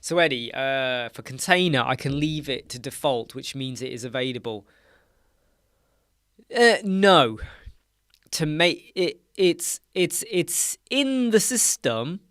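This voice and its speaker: A man's voice: on the high side, lively intonation, takes it slowly, a bit bright, no room sound, clean studio sound. Tired British man explaining on a live stream. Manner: loose, rambling, self-correcting. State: tired, yawning. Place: dark home studio with soundproof panels.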